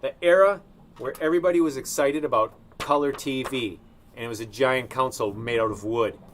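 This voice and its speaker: A man at an ordinary middle pitch talks casually as he paints on a live stream. He thinks out loud in an offhand, rambling way from an indoor room. A faint noise sits behind his voice. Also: fairly quick. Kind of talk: casual commentary while painting. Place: indoor studio room with a sunny window.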